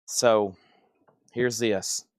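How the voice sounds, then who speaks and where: A man hosting a live record sale, rattling off items and prices in a casual, brisk way. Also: fairly low pitch, steady tone, no echo, studio quality. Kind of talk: livestream sales pitch.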